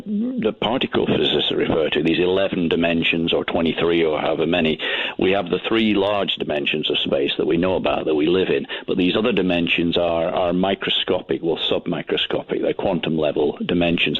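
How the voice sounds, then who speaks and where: A man from Scotland, a guest scientist on a radio show, explaining ideas in a measured, hesitant way. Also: low-pitched, slightly rough. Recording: tinny phone line.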